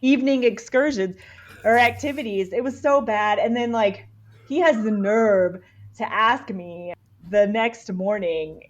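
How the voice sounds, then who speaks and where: A woman guest on a podcast telling a story in a casual, animated way, peppering her talk with "like". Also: fairly high pitch, measured pace, dull audio. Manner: animated, fills speech with "like".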